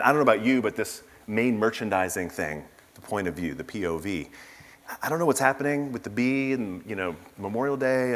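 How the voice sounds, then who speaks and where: A man speaking at a conference, telling stories in a casual way with asides and fillers. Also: lowish voice. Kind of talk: conference keynote talk. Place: large conference hall. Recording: reverberant conference hall.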